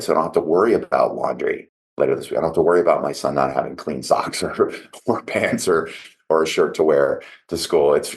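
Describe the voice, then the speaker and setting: Podcast host, male, middle-aged, extremely low voice, casual coaching monologue. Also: darkish tone. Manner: conversational, self-coaching tone with asides.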